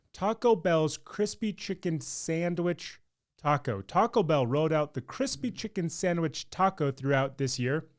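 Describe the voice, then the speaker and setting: A man co-hosting a podcast, reading news items aloud and trading wry, teasing jokes in casual chat. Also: on the high side. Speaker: podcast co-host.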